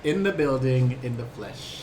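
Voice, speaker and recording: A young man chats as a podcast guest, telling animated stories and arguing his point. His voice sits at a middling pitch. A steady layer of background noise runs under the recording. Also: unhurried. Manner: animated storyteller, pushes back in debate. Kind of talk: casual chat.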